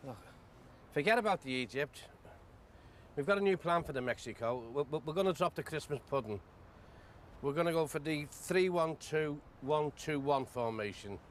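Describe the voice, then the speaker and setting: A blustering middle-aged football manager, played by a man, barking blunt pep talks at his squad. His voice sits high and swoops widely. A faint hiss lies under it. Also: lively intonation, moderate pace, close to an everyday voice. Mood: rallying. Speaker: national football team manager. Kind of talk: film acting.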